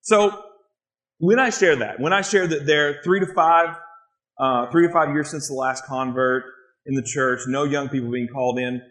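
A man's voice: mid-range voice, moderate pace, rough recording. Earnest man telling mission stories. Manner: earnest, animated storytelling. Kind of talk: speaking to an interviewer.

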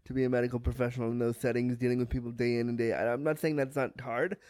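A man from Canada, a guest on a podcast, talking frankly and lively, acting out what other people say with humor. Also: mid-range voice, racing, no echo. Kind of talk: candid podcast interview.

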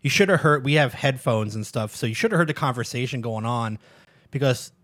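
A man's voice: mid-range voice, lively intonation, a bit bright, no echo. Casual, swearing man on a dry mic. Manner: swearing, storytelling, quick to laugh. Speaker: podcast host. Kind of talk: casual chat.

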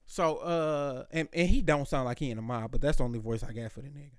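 A man's voice: mid-range voice, fast talker, no room sound. A man hosting a podcast, telling a story casually, swearing freely and acting out both sides of the conversation. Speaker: podcast host.

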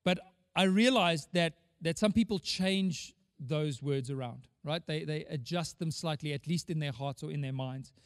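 A man's voice: fairly high pitch, normal speed, no room sound, studio quality, long reverb tail. A man preaching a sermon as pastor, emphatic, asking rhetorical questions and often repeating words.

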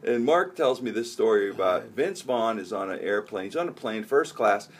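A man's voice: lowish voice, expressive, moderate pace, a little hiss or hum. A male host in casual chat, eagerly prompting his guest with questions. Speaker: podcast host.

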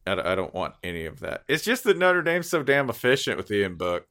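A man's voice: on the low side, very animated, brisk, fairly bright tone. A man co-hosting a sports podcast, joking in casual banter and laughing often. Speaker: podcast co-host.

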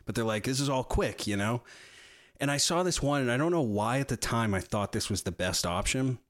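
A young man co-hosting a podcast, telling a story in casual, profane chat with animated swings in his voice. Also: medium pitch, fairly quick. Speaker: podcast co-host.

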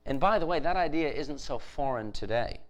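A man's voice: on the high side, animated, fairly quick, rough recording. Guy giving a sermon, talks casual, restarts a lot, pushes up for emphasis. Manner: conversational preaching with restarts and emphatic rises. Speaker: pastor.

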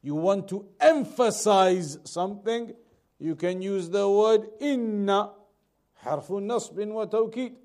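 A man teaching a lesson on Quran commentary, repeating key points and reading Arabic quickly before translating it slowly. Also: high-pitched, a little mellow. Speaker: Islamic teacher.

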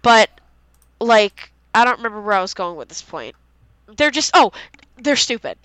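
A young woman co-hosting a casual fan podcast, excitedly reading out favorite quotes and swearing freely. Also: mid-range voice, moderate pace, dry recording, poor audio. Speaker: podcast co-host.

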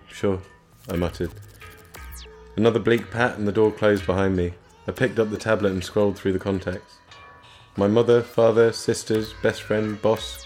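A young man narrates a first-person tale in a low, understated voice. His delivery is dry and subdued. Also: a little mellow. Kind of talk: scripted narration.

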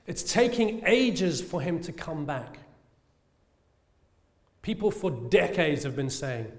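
A British male preacher delivers a fervent sermon, firing off rhetorical questions and stretching out key phrases for emphasis. His voice sits fairly high for a man, and it carries through a large hall with a long echo. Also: lively intonation, takes it slowly.

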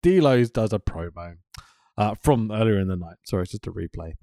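A man's voice: on the low side, expressive, moderate pace, warm tone, no room sound. A man co-hosting a casual podcast, recapping wrestling with lots of swearing and laughter. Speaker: podcast co-host.

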